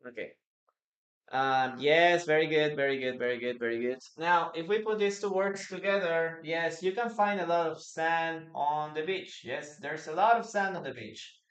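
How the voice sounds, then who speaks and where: Teaching English live online, a native Spanish speaker explains at a slow pace, stumbling into frequent hesitations and repeated phrases. The voice falls in the mid range and sounds a bit bright.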